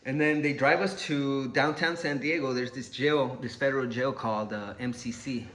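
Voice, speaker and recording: A man's voice: mid-range voice, fairly even intonation, normal speed, a bit bright. Slangy, cursing man telling a story. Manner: profane, slangy. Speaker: channel host. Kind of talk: casual storytelling.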